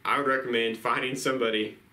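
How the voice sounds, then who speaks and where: Laid-back man, bright echoey voice. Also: medium pitch, steady tone, fast. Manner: laid-back, rambling, many "you know" fillers. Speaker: duck hunting channel host. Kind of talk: casual vlog talk.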